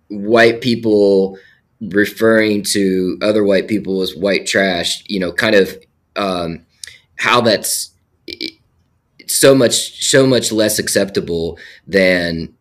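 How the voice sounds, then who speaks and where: A man's voice: deep voice, fairly bright tone. A man who is a film producer, talking in casual conversation with many restarts and fillers while sick with a cold.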